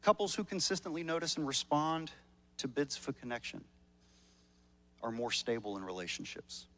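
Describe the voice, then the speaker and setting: A man's voice: medium pitch, sing-song, moderate pace, fairly bright tone. A male pastor preaching a sermon at a church service in a conversational, joking way, often repeating words as he starts a sentence.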